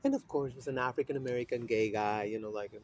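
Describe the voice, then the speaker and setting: A man speaking in a loose, rambling monologue with a steady stream of fillers and swearing. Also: mid-range voice, quick pace, slight background noise. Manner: rambling, profane, with frequent fillers and laughs. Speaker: vlogger. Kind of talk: casual monologue.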